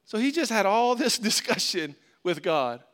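A man's voice: high-pitched, sing-song, normal speed, a bit bright. A man preaching as pastor in a conversational sermon, acting out God and Moses in short bits of dialogue.

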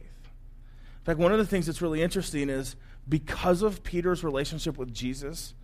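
A man pastor giving a sermon, telling the story in a conversational, animated way. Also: fairly high pitch.

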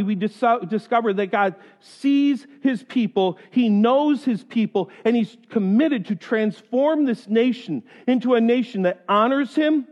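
High-voiced preacher in a reverberant hall. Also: male voice. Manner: animated storyteller, acts out other voices. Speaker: pastor. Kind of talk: sermon with personal stories. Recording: dull sound in a reverberant hall.

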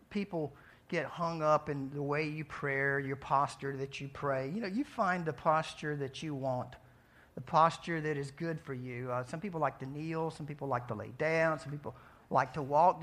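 A man preaching a sermon in a conversational way, asking his listeners questions and swinging between soft, quiet passages and emphatic outbursts. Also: fairly high pitch. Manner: conversational, asks the audience questions. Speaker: pastor.

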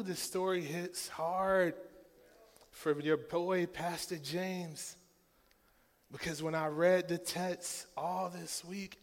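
Impassioned pastor preaching in a reverberant church. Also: male voice, on the high side. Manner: impassioned preaching with call-and-response, swinging from hushed to loud. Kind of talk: sermon. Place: large church sanctuary. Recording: long hall reverb in a church.

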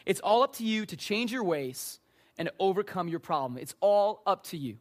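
A young adult man giving a storytelling sermon as a youth pastor, animated and self-mocking with quick asides. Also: sits high.

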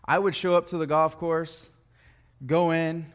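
A man's voice: on the high side, flat delivery, measured pace. A man preaching a sermon in a conversational way, telling personal stories with joking asides and stumbling restarts. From United States. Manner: conversational, joking asides, repeats words when starting.

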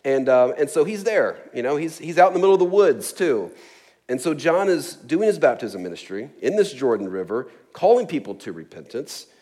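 A man's voice: fairly high pitch, very animated, normal speed, a little mellow. Chatty, joking preacher, a man. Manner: casual, jokey, chuckling asides, many fillers. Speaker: pastor. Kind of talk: sermon.

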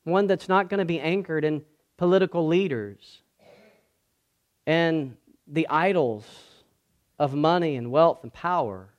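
Male pastor, slightly high voice, sermon delivery that drops to a hush and builds to loud emphasis. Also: unhurried, pauses often, highs cut off. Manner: dynamic preaching, swings from hushed to loud and emphatic.

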